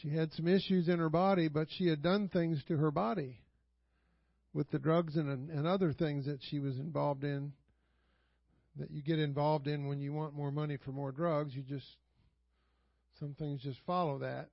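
A man's voice: a little high, steady tone, normal speed, vocal fry, dry recording, highs cut off. A man preaching a sermon to his church, telling stories in a conversational way, chuckling often and asking the congregation rhetorical questions. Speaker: pastor. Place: church sanctuary.

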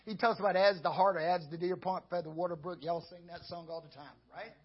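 A man preaching a lively sermon as pastor, chuckling and acting out how he talks to himself. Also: sits high, fast talker, husky, highs cut off.

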